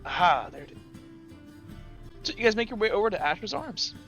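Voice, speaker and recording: A man's voice: high voice, big pitch swings, fairly quick, fairly bright tone, dull audio, faint music behind. A man narrating as game master of a tabletop game, rambling with many fillers.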